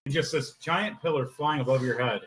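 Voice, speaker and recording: A man narrating as game master of a tabletop game, excitable, swearing and laughing often. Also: mid-range voice, brisk, soft background music.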